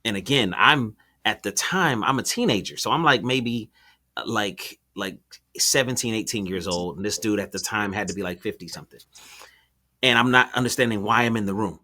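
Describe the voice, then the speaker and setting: A man with a somewhat low but forceful, bright-edged voice, talking as a show host. He tells stories in a relaxed, conversational way, slangy and animated, with plenty of ums and restarts. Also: normal speed. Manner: animated, slangy storyteller with many fillers and restarts. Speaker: podcast host. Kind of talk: casual conversational storytelling.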